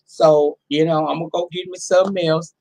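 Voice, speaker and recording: A woman in her forties hosting a casual live stream from home, her voice hoarse from a cold, talking in a sassy, profane way straight to her viewers. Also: low voice, steady tone, fairly quick, warm tone. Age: 40s. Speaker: livestream host.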